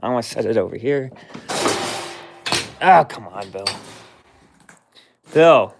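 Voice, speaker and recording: A man's voice: medium pitch, animated, vocal fry, background noise. A man rambling to himself in casual running commentary while cleaning out a cluttered workshop. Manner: slow, rambling, talks to himself and his dog. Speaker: vlogger cleaning his workshop.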